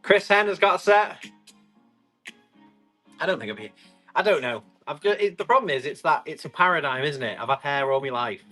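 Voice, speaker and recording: A man talks casually through a live-stream tool sale, joking with the chat as he goes. His voice is bright and a touch high. Soft music plays faintly underneath. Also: expressive, fairly quick, pauses often. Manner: chatty and rambling, joking with the chat. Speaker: live online tool auction seller.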